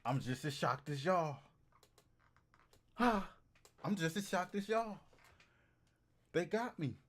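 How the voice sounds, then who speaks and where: A man casually chatting to his livestream audience, animated and slangy, repeating phrases for emphasis. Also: fairly high pitch, slow pace. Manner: slangy and profane. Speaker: streamer.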